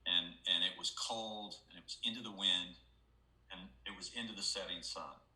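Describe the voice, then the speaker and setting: A middle-aged man with a low, very bright voice, spinning a lively anecdote for an interviewer. He slips into other people's voices to act out the story. The room around him rings with a noticeable echo. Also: normal speed. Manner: animated storyteller, acts out quoted voices. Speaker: guest, golf analyst. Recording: roomy echo.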